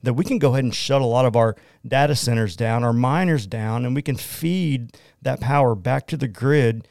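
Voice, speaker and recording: A man's voice: mid-range voice, normal speed, vocal fry, a little mellow, no echo, clean studio sound. A man with an Oklahoma accent, a guest on a radio show, talking casually and energetically, often saying "man" and "you know". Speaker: guest, entrepreneur. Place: small studio.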